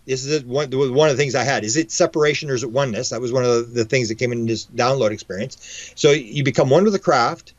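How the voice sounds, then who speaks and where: A man, a UFO researcher and guest, telling stories in a rapid, animated way, often restarting and acting out dialogue. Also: medium pitch, no echo. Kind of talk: animated storytelling. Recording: dull lo-fi, dry sound.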